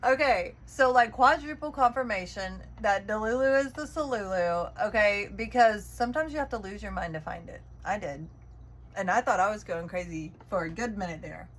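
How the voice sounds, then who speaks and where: A woman's voice: mid-range voice, normal speed, low-quality recording. A woman giving a chatty, encouraging spiritual tarot reading, often checking in with the listener. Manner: encouraging, chatty, keeps asking "okay?". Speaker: tarot reader.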